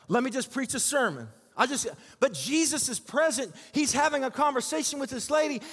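A man with a very high speaking voice preaches with energy in a church, calling out to the congregation and asking them to repeat lines back. His voice carries a long hall reverb around it. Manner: energetic, calls for audience responses. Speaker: pastor. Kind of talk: sermon.

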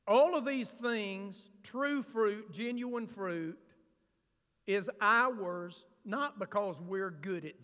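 A man preaching a sermon as pastor, building to emphatic swells and dropping to quiet asides. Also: high-pitched, big-room sound.

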